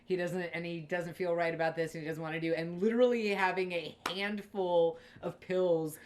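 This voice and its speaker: A woman co-hosting a film review chat, animated, often laughing and acting out lines from the movie. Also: lowish voice, moderate pace, slight background noise. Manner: animated, laughing, acts out quotes. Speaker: co-host of a movie review show. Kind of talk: casual chat.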